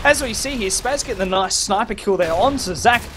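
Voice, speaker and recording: A man doing live play-by-play commentary on a competitive shooter match, excitable and stumbling over repeated words. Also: sits high, a little fast, faint music behind. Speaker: esports shoutcaster. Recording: noisy game audio underneath.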